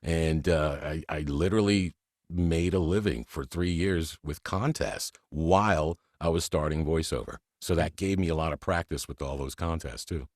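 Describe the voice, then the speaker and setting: A voice actor guest on a podcast, a man telling lively stories in a casual chat and laughing often. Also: rumbling low, moderate pace, no room sound, clean studio sound. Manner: mimics voices.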